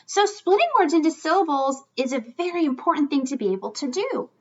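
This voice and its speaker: A woman teaching a children's lesson, speaking clearly and slowly as she demonstrates for young learners. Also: sits high, expressive. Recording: slightly dull lo-fi sound.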